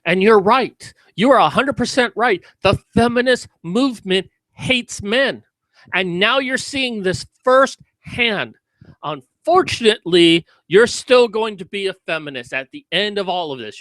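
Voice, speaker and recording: A man's voice: sits high, animated, measured pace, fairly bright tone, no room sound. A man giving sarcastic, mocking commentary in a video about a news story.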